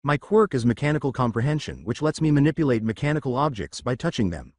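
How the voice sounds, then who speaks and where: A man puts on an easygoing young American man who talks in a casual, folksy way. His pitch is lively. The sound is dry. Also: quick pace, no room sound, lightly acted. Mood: cheerful.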